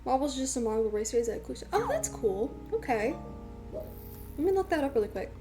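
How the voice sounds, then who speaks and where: A woman's voice: sits high, animated, a little fast, over music. A woman streamer talking casually to her live chat in a rambling, chatty way, full of fillers.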